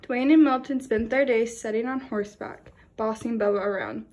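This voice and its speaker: A woman's voice: on the high side, normal speed, a little mellow. Woman reading a children's story aloud. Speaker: storybook reader. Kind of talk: children's read-aloud narration.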